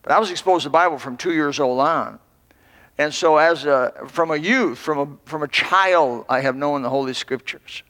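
Older male pastor, folksy rambling sermon, slightly high voice, long hall echo. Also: normal speed, a bit bright. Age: 60s. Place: church.

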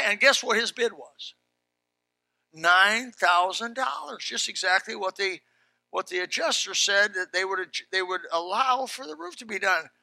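A middle-aged pastor preaching a sermon, telling folksy stories with animated rises and shouts. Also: male voice, high voice, creaky, no room sound.

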